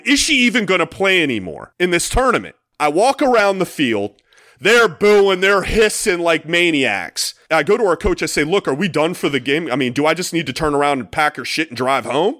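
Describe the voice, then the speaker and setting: A middle-aged man with a high, lively voice tells a story on a podcast, excitable and profane. He slips into the shouting parents he is mocking. His tone is bright and the room is dry. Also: normal speed, no room sound. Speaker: podcast co-host and youth soccer parent. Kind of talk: animated storytelling chat.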